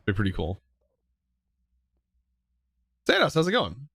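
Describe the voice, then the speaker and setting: A young man live streaming, chatting casually with viewers in a relaxed, rambling way full of fillers and restarts. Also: mid-range voice, slow pace, vocal fry, breathy edge, no room sound, clean studio sound. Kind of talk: casual chat reading viewer comments.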